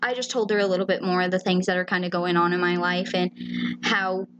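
A woman's voice: lowish voice, flat delivery, brisk, a bit bright, lo-fi sound. A woman co-hosting a casual podcast, talking candidly and emotionally and swearing freely. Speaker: podcast co-host. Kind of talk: casual chat.

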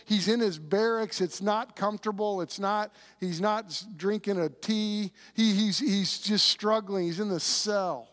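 A man's voice: high-pitched, moderate pace, hardly any pauses. A man preaching a conversational sermon, with frequent restarts, who acts out the voices of biblical figures. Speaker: pastor.

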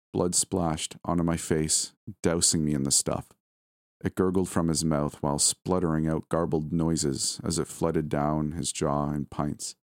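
A man reading a first-person horror story aloud in a steady, somber storytelling manner. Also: rumbling low, no echo, studio quality. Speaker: narrator. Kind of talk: scripted horror story narration.

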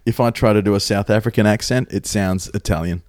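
A man's voice: fairly low pitch, fast talker, a little mellow, no room sound, clean studio sound. A man co-hosting a podcast, joking, swearing and laughing as he tells stories in casual banter. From Australia. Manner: swearing, laughing, jokey storyteller. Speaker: podcast co-host.

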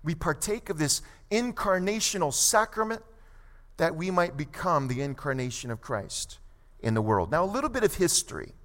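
A man's voice: on the high side, very animated, fairly bright tone. Emphatic male pastor preaching in a reverberant hall. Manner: emphatic, varies between quick asides and slow stressed phrases. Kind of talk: sermon. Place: church sanctuary.

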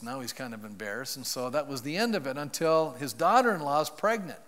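A fairly high, fairly bright male voice speaks expressively and briskly, with few pauses. He's a pastor preaching in church, telling a Bible story in a relaxed, chatty way and asking his listeners questions, all under the long reverb of a big hall.

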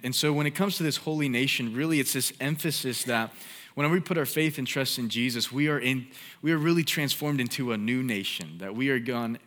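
A man's voice: mid-range voice, a bit bright, in a large hall. A young man preaching a sermon in a casual, conversational way, often saying "like".

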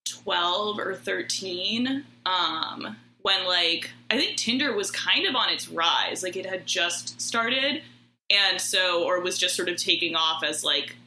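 A woman's voice: mid-range voice, bright, forceful tone, echoey room, a little hiss or hum, low-quality recording. A woman in her thirties telling a story in casual chat, with lots of "like" and laughing through it.

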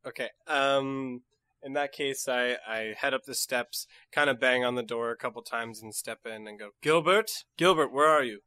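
Bright-voiced young man as player. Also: medium pitch, flat delivery, normal speed, clear, resonant tone, no room sound. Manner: casual, laughs along. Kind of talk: casual tabletop play.

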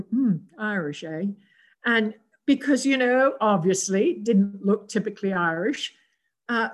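A woman from England in her seventies recounts personal stories on an interview, her medium-pitched voice gentle and thoughtful. She pauses a lot and frequently begins sentences again.

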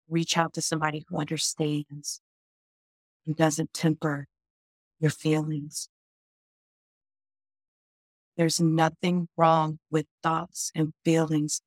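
A woman's voice: sits low, no echo, studio quality. A woman doctor on a podcast explains grief in a conversational way. She often says "like" and voices people's inner questions.

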